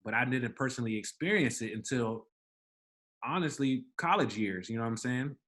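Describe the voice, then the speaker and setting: A man's voice: medium pitch, moderate pace. A young man from the Washington DC area, a podcast co-host telling a story in casual chat, acting out the voices of the people in it. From Washington DC area, Maryland. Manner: animated storyteller, acts out quoted voices.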